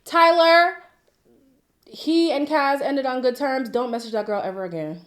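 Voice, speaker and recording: A woman's voice: high voice, expressive, moderate pace, a little mellow. A woman hosting a casual reality TV recap, chatty and sassy, talking straight at the people she reviews and ending her points with a pointed "okay?".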